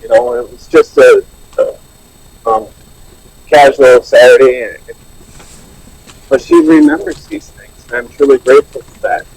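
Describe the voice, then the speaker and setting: A man's voice: mid-range voice, huge pitch swings, unhurried, vocal fry, long pauses, a little mellow, husky, no echo, poor audio. A man earnestly sharing his recovery story at a support meeting, with many restarts. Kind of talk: personal recovery share. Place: online meeting.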